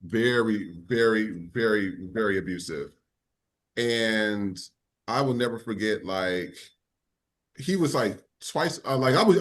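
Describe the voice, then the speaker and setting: A man hosting a podcast, telling a personal story in a casual way and repeating words for emphasis. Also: medium pitch. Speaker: podcast host.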